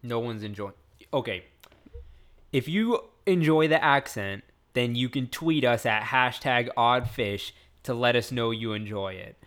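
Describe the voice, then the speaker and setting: A man's voice: medium pitch, measured pace, fairly bright tone. A man hosting a podcast, teasing his co-host with exasperated banter in casual chat.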